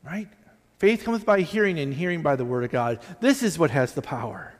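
Chatty pastor, higher voice, hall reverb. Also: male voice, animated, brisk. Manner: conversational, self-deprecating, many restarts and asides. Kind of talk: sermon. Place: church sanctuary.

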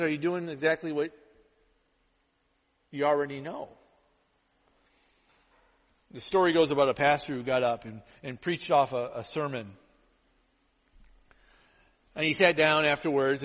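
Animated male pastor in a reverberant hall. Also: a little high, moderate pace, long pauses. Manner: animated storytelling, acts out quotes. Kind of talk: sermon.

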